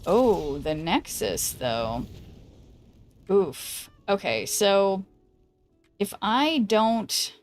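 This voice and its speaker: A woman streamer chatting casually while she plays a card game, thinking aloud and greeting viewers, with a voice that is going hoarse. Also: medium pitch, animated, extremely slow, long pauses, soft background music. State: losing her voice. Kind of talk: casual gameplay commentary.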